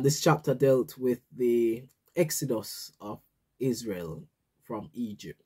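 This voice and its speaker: A man's voice: mid-range voice, dark tone, slightly rough. A man with a Jamaican accent leading a morning prayer and devotional talk, conversational and often asking "right?". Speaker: devotional leader.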